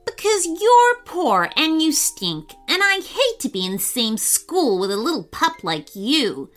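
A woman's voice: very high-pitched, huge pitch swings, slow, bright, forceful tone, soft background music, voice pushed up, heavily acted. A woman voicing a greedy, spoiled rich schoolboy who taunts in a sneering, bratty way in a storybook reading. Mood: mocking.

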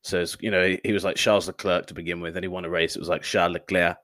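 A man's voice: deep voice, little pitch movement, a bit bright. A man co-hosting a casual chat podcast, joking, laughing often and mocking himself. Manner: quick, laughing, self-mocking. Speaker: podcast co-host.

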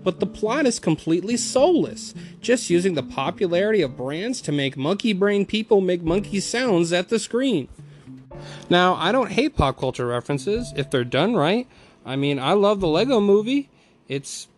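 A man ranting angrily about a movie, swearing often and mocking the studio with put-on quotes. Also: sits high. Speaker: film reviewer.

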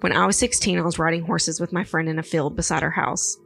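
A woman with a very low, gravelly voice retells eerie stories in a loose, rambling way. She fills her speech with "like" and "um" as she goes. Faint music plays under her. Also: steady tone, quick pace, fairly bright tone. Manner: rambling, filler-heavy retelling. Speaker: podcast co-host. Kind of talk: casual chat, storytelling.

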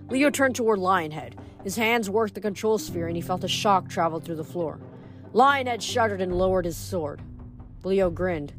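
A woman reading chapters of a novel aloud in steady storytelling narration. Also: fairly low pitch, moderate pace, faint music behind. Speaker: reader.

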